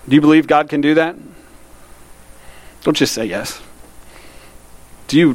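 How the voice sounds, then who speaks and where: A man delivering a sermon in an earnest, searching way, pressing his listeners with direct questions. His voice sits at an ordinary middle pitch, and he slows right down when he reads scripture aloud. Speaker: pastor.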